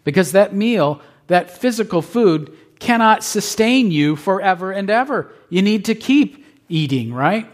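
A male pastor with a high voice and lively intonation preaches at a measured pace. He hammers his points home through repetition and keeps asking the congregation "right?"

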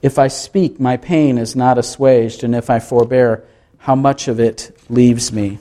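A man's voice: medium pitch, fairly even intonation, measured pace, warm tone, close to an everyday voice. A man voicing a suffering man who pleads with God and rebukes his friends, anguished and pleading as he reads. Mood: bitter.

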